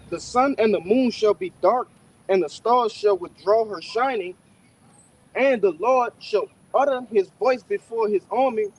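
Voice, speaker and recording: A man leading a casual scripture discussion, reading verses slowly and solemnly, then chatting loosely. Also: sits high, darkish tone, poor audio.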